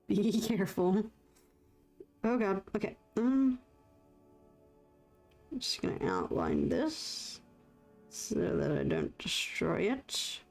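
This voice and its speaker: A woman's voice: medium pitch, gravelly, a little mellow. A woman chatting casually to her viewers while painting on a live stream, rambling and self-conscious, with lots of fillers.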